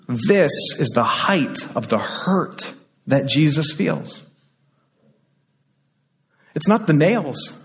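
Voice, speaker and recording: A man preaching a sermon in a church, his voice pitched high for a man and sweeping widely up and down. He repeats phrases with urgency and then drops to near-whispers. A long reverb from the sanctuary trails after each line. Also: animated, extremely slow, long pauses. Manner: impassioned, repeats phrases, swings between loud and hushed. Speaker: pastor.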